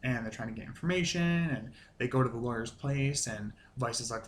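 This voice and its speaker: A man's voice: medium pitch, brisk, a little hiss or hum. A man hosting a casual episode review, rambling with lots of fillers and restarts and swearing casually. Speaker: show review host.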